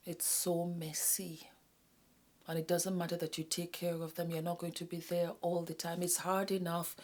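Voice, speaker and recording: A low-pitched woman from West Africa hosts her own commentary video. She talks earnestly to her viewers as "my darlings" and often drops into a hushed whisper to press a point home. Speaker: YouTube host. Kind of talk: casual commentary to camera.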